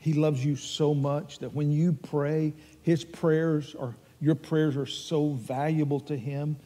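A man's voice: a little high, fairly even intonation, takes it slowly, dark tone, long reverb tail. An older man with a Texan accent preaching a sermon as pastor, earnest and emphatic as he tells stories.

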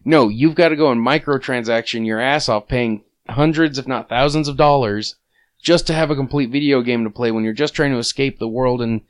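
A man's voice: mid-range voice, fairly quick, clear, resonant tone. A man co-hosting a casual gaming podcast, grumbling crudely about game prices. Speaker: podcast co-host.

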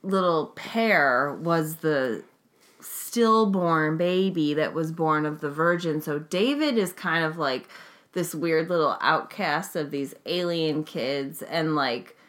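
A woman's voice: sits low, slow pace, a bit bright. A woman co-hosting a casual movie-recap chat, giggly and rambling with many fillers. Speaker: podcast co-host.

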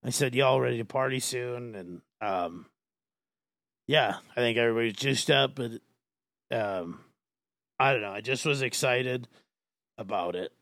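A man hosting a podcast, chatting casually in a rambling, halting way with many fillers. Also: mid-range voice, a bit bright, no echo. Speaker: podcast host. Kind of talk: casual chat.

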